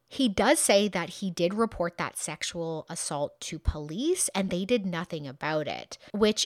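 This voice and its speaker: A woman's voice: lowish voice, no echo, studio quality. Chatty woman telling a true crime story. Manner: chatty, conversational, with frequent fillers and asides. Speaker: true crime podcast host.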